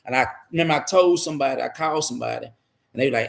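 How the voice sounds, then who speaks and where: A man's voice: medium pitch, very fast, creaky. A man candidly telling his life story in a rambling, profane way, repeating himself as he goes.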